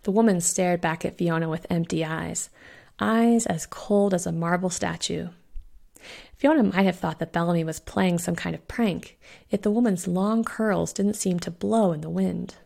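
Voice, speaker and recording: A woman who hosts a podcast, narrating her own spooky short story in a measured, suspenseful way. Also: fairly low pitch, steady tone, creaky, dark tone. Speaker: podcast host and author reading her story. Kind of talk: audiobook narration.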